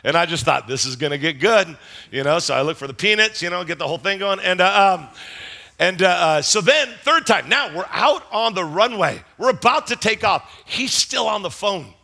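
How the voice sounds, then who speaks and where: A middle-aged male pastor tells stories in his sermon, animatedly acting out scenes and voices. His voice is high-pitched and gravelly, at a normal speed.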